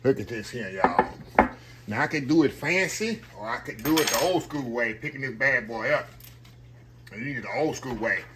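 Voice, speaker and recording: Cooking at home for a casual vlog, this middle-aged man addresses his viewers directly as "y'all" in a folksy, chatty way. His mid-range voice is expressive and moderately paced, with heavy noise in the background.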